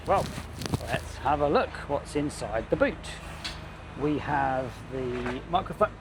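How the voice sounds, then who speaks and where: A man's voice: a little high, background noise. A man, a racing driver vlogging casually with a chatty, self-mocking manner. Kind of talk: casual vlog chat. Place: outdoor race paddock. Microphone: handheld camera.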